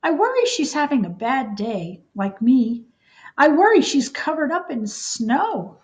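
A woman's voice: high voice, big pitch swings, measured pace, voice pushed up. A woman voicing a small, polite, worried male mouse in a storybook read-aloud. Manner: timid and gentle.

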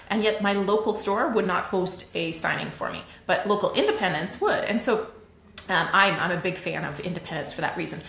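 A Canadian woman hosting a casual livestream lesson, chatty and animated, laughing often. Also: medium pitch, echoey room. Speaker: livestream host.

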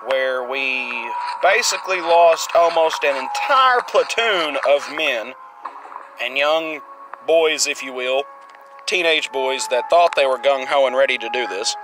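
A man's voice: medium pitch, animated, a little slow, over music, rough recording. A man casually commenting on a survival game and reading its text aloud in a plain, rambling way. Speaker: gamer playing a survival game.

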